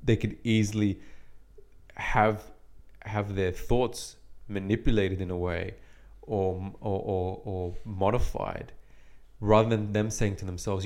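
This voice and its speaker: A man's voice: lowish voice, fairly even intonation, normal speed, a little mellow. A young Australian man from Western Sydney, co-hosting a casual podcast chat, voicing opinions while hedging against offense. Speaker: podcast co-host.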